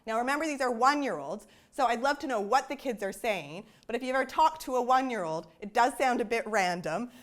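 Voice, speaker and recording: A woman's voice: a little high, a bit bright. A woman psychologist giving a public science talk, explaining her research in a conversational way with frequent "you know" asides.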